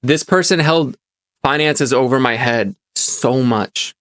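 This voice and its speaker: Young man, mid pitch, earnest, rambling self-help talk, close dry recording. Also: takes it slowly, fairly bright tone, no echo. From immigrant childhood, grew up in America. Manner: earnest, rambling, many restarts and "like". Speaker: self-help podcast host. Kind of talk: personal storytelling and advice.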